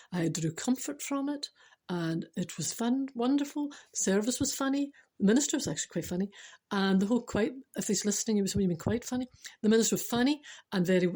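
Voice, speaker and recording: A woman's voice: mid-range voice, slightly rough. Chatty Scottish woman telling a spiritual story. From Scotland. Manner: chatty, laughing, animated storytelling; earnest spiritual teaching. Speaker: spiritual vlogger. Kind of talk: casual storytelling to camera.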